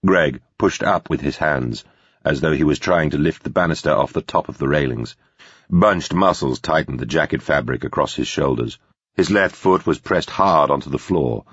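A man narrating a thriller audiobook in a measured, grave way. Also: very deep voice, fairly bright tone, slightly rough, no echo. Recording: dull, slightly lo-fi recording.

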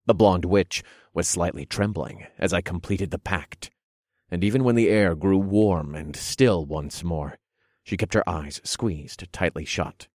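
Low voiced guy reading an erotic story, husky, dry close sound. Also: measured pace, a little mellow, no echo. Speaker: narrator. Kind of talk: first-person erotic audio story narration.

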